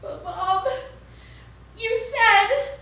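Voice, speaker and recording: Lady doing a sulky stubborn kid, highish voice, echoey and far off, faint hiss. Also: very slow, pushed and bright, full character voice. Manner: sulky, insistent. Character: stubborn eleven-year-old boy wanting a rifle. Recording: echoey, distant, faint noise.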